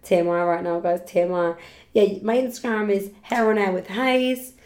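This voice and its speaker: A woman hosting a casual solo podcast, chatty and rambling, quick to laugh and loud when excited. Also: medium pitch. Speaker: podcast host and hairdresser. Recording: roomy echo around the voice.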